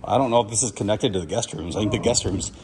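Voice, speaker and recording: A man hosting an exploring vlog, telling a story in an excited, casual way and saying "dude" a lot. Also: on the low side, fast talker, background noise. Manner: excited, storytelling, says "dude" and "crazy" often. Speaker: vlogger host. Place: abandoned resort building, indoors.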